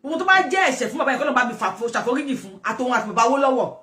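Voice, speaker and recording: High-pitched Nigerian woman rambling animatedly. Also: racing. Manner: lively, rambling, repeats herself, laughs. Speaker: commentator host. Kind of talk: casual commentary mixing English and Yoruba. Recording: distant echoey room.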